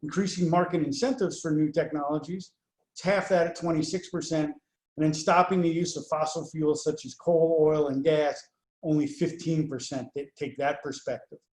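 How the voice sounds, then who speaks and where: A man presenting poll results over slides in a measured way, with many fillers between the figures. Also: a little high, steady tone, a little mellow, reverberant. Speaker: pollster presenting survey results.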